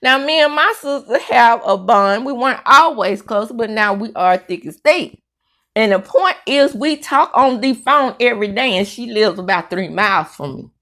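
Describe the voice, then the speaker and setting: A woman's voice: fairly high pitch, animated, moderate pace, bright, forceful tone. A middle-aged woman hosting a casual celebrity gossip commentary, sassy and emphatic, full of slang asides. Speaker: host of a celebrity gossip show.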